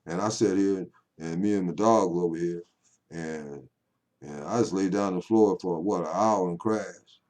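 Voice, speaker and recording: A man's voice: sits low, normal speed, a little mellow. An older man talking at home to camera in a rambling, folksy monologue that swings into call-and-response preaching. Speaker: poet vlogger.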